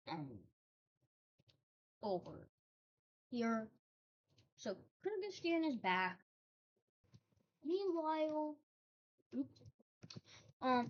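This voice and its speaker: A woman's voice: mid-range voice, dull audio. A woman casually narrating over a map, hesitant, with frequent ums and self-corrections.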